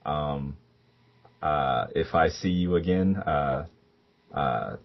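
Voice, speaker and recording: A man's voice: very deep voice, creaky, voice pushed down, exaggerated voice. A man voicing an earnest, formal young man who speaks hesitantly and over-politely. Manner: halting, hesitant and overly polite. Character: earnest, formal young man, emotional but trying to be proper. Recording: dull, lo-fi sound.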